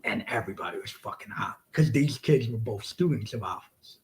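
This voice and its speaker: A man's voice: lowish voice, expressive, brisk. A man who wrestles, telling a story to a podcast host in a casual, profane way. He acts out the quotes and sometimes drops to a whisper.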